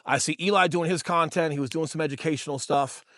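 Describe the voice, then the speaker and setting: He's a podcast co-host and real estate agent in his thirties whose voice runs on the high side, fast and fairly bright. The recording is clean studio audio without echo, and he chats through stories casually, cursing and calling listeners bro and dude.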